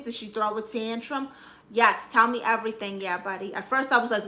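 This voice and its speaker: A woman with a strong Brooklyn accent talks casually to her livestream chat, reading comments and handing out advice. She is sassy and teasing, calling viewers honey. Her voice sits a bit high and sounds bright and sharp. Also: steady tone, moderate pace. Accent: Brooklyn New York. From Brooklyn, New York. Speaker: livestream host giving advice.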